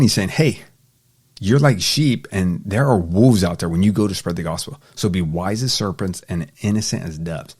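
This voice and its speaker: Reading Bible verses aloud and then loosely paraphrasing them in ordinary speech, a man leads a casual study. His voice is deep and a little mellow.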